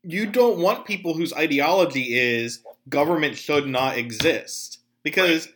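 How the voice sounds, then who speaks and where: A man hosting a podcast, talking casually about politics with animated, jokey asides. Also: on the high side, a little slow. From Pennsylvania. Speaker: podcast host.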